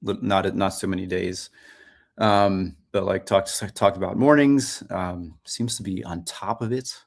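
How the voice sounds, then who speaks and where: A man co-hosting a podcast, telling a story in relaxed casual chat with frequent ums. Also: sits low, measured pace. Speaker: podcast co-host.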